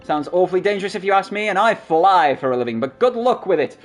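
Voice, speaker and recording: A brisk woman airship captain who turns down a dangerous flight, read out by a man playing a game. The voice is fairly high and lively, and the reading is crisp and matter-of-fact. Faint music plays underneath. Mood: firm.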